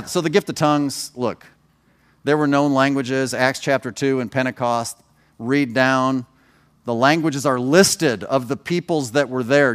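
A man, a pastor, preaching a sermon in a conversational way, with personal stories and joking asides to the congregation. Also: medium pitch.

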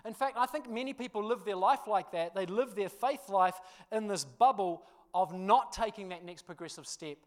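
A man preaching, telling a funny personal story with laughter before turning to a quieter sermon. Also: high voice, normal speed, few pauses. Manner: animated storyteller, laughs through the tale, drops quiet for scripture. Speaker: pastor.

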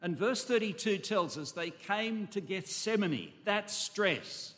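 A man's voice: high voice, expressive, takes it slowly, a bit bright. A man preaching an expository sermon, emphatic and full of rhetorical questions and asides to his congregation. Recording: long echo of a large hall.

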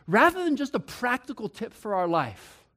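A man delivering a sermon in a high, bright-sounding voice. He is playful and animated, acting out his own inner thoughts, then sinks to a hushed tone when he quotes scripture. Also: brisk. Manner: animated, playful, mimics himself and others, drops to a hushed tone on scripture. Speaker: pastor.

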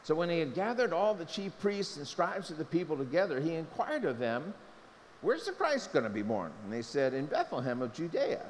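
A man preaching a sermon as pastor, impassioned, his pitch leaping up when he presses a point. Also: big pitch swings, a little fast. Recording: long hall reverb, faint noise.

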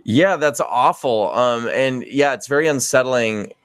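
A man's voice: mid-range voice, lively intonation, unhurried, clear, resonant tone, no room sound. A man who is a guest on a podcast, chatting casually in an easygoing, self-deprecating way. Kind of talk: casual chat.

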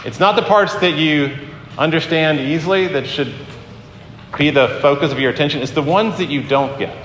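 A man preaches a sermon in a fairly high voice, talking earnestly and conversationally and often restarting his sentences. His voice rings out through a large hall with a long echo. A faint hum of the room sits behind him. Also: normal speed, fairly bright tone. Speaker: pastor. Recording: echoey hall with faint ambience.

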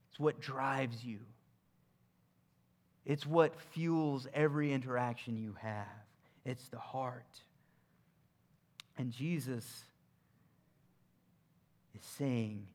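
Conversational male preacher, higher voice. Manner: conversational, swings between emphatic and hushed. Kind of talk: sermon.

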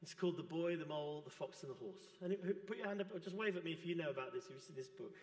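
A man preaching a sermon in a church, his voice sitting a little high for a man. He speaks in a gentle, earnest way. The sound rings with long echo around a big hall. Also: quick pace.

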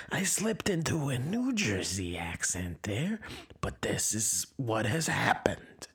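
A man improvising a comedy bit on a podcast, telling a rambling story with a halting, deadpan delivery. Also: mid-range voice.

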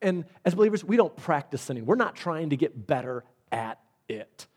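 A man's voice: fairly high pitch, very animated, moderate pace, a little mellow, breathy edge. A man preaching a conversational sermon, reading scripture and explaining it with everyday examples, sometimes repeating words. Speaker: pastor.

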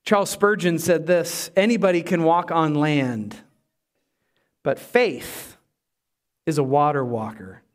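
Male pastor, higher-pitched voice, lively preaching style that plays out the scenes. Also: slow pace, long pauses. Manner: animated preaching, voices Bible characters. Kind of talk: sermon.

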